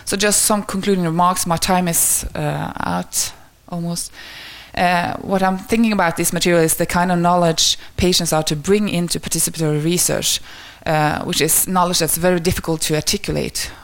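A woman's voice: on the low side, fairly even intonation, moderate pace, hardly any pauses. A woman presenting research findings at an academic talk, speaking hesitantly with many fillers and restarts.

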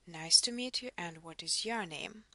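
A woman's voice: lowish voice, unhurried, sharp tone, dry recording. A woman teaching a language lesson, patiently modelling words for the listener to repeat. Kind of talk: slow instructional lesson.

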